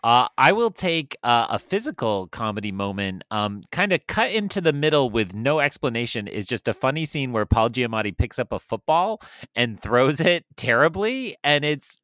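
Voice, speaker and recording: A man's voice: big pitch swings, moderate pace, a bit bright, no room sound. A man co-hosting a casual film review podcast, rambling enthusiastically about a favorite scene. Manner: rambling, enthusiastic, jumps up in pitch. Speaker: podcast co-host.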